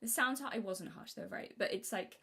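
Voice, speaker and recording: A young woman from Britain chats on a live stream at a quick clip. Her sentences tumble out full of restarts and asides, and her voice sits at an ordinary middle pitch. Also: a bit bright, slightly rough. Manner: rambling, self-interrupting, acts out childhood quotes in a high voice. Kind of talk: casual live-stream chat.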